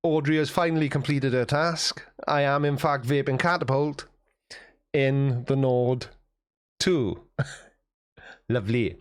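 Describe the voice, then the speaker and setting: A man's voice: mid-range voice, takes it slowly, long pauses, clear, resonant tone. A man hosting a casual livestream, reading chat messages aloud and answering them with wry, self-mocking banter.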